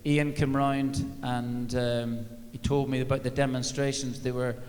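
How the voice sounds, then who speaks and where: A man's voice: mid-range voice, flat delivery, a little slow, a little mellow. An older man, a former football manager, telling a wry, self-mocking anecdote on stage at a live event, with many fillers. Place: large arena at a live event. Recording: long reverb of a large hall.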